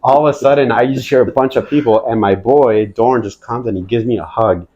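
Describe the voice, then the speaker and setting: A military veteran guest, a man with a mid-range voice, tells casual, profane war-service stories at a slightly quick pace. He's animated and acts out the quoted dialogue as he goes. The audio sounds dull.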